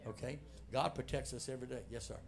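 A middle-aged man with a Southern US accent preaching a sermon in church, folksy and animated, moving between loud exhortation and quiet asides to the congregation. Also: mid-range voice, fast talker, gravelly, a crowd in the background. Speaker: pastor. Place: church sanctuary.

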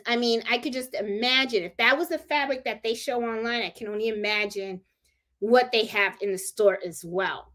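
A woman's voice: a little high, fairly bright tone. A woman with a Puerto Rican accent hosting a casual live stream about sewing, chatting and repeating herself for emphasis. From Puerto Rico. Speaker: crafting channel host.

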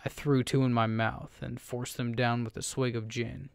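A man narrating a first-person horror story in a steady, low storytelling delivery. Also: normal speed, gravelly, clear, resonant tone, dry recording.

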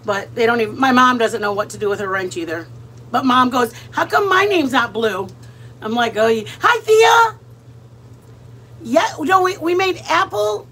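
A middle-aged woman hosts a cooking livestream, her voice high, pushed and bright. She rambles casually as she cooks and greets viewers by name.

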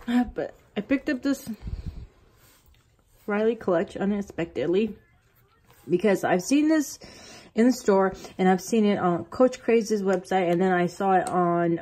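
A woman vlogging an unboxing from her bathroom at home, excitable and gushing, rambling as she talks. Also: mid-range voice, a little hiss or hum. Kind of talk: casual unboxing vlog.

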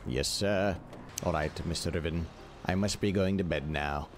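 A man's voice: sits low, normal speed, a little hiss or hum. A man playing a lottery host in a gaming roleplay, using an old-fashioned, formally polite put-on voice.

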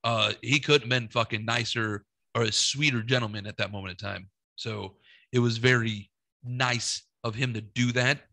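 Podcast co-host, man, young adult. Bright, forceful tone, dry close recording; rambling, swearing storyteller who acts out every line of dialogue. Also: medium pitch, normal speed, creaky, no echo. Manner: rambling, profane, animated in retold dialogue.

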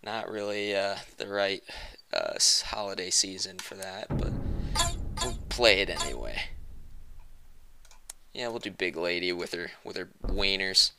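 A man's voice: low-pitched, measured pace, gravelly, pauses often, background noise. A young man giving joking let's-play commentary, muttering one moment and yelping the next. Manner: jokey, swings from muttering to yelping shouts. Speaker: gaming commentator.

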